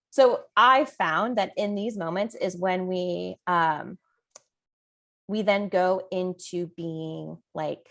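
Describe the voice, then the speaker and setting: A woman, a parent coach, leading a coaching discussion with questions and role-play over a video call. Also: medium pitch.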